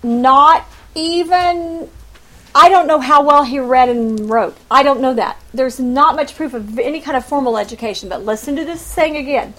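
A woman teaching through a Bible passage, animated and emphatic, with rhetorical questions, conversational asides and sudden rises and drops in loudness. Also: high voice, moderate pace, low-quality recording.

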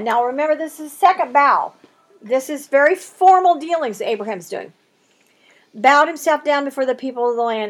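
A woman teaching a Bible study in an animated way, acting out the bargaining in quoted voices. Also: sits high. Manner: lively, acts out the haggling in quoted voices.

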